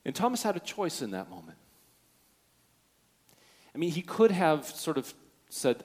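A man pastor preaching a sermon, swinging from hushed, near-whispered passages to loud, fervent peaks as he acts out the quotes he tells. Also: lowish voice, moderate pace.

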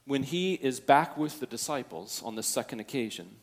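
Male pastor, mid-pitch, preaching with big swings between hushed and booming. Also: lively intonation, moderate pace. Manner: dynamic, swinging from hushed to loud, acting out quotes. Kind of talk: sermon.

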